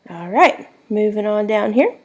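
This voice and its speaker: Woman, teacher, recorded lesson, spells words letter by letter, slow. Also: mid-range voice, lively intonation, darkish tone. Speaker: Spanish teacher.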